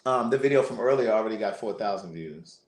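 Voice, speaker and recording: A man hosting a livestream, telling a family story in a casual, animated way, often repeating words. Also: fairly low pitch, quick pace. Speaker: livestream host. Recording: roomy echo.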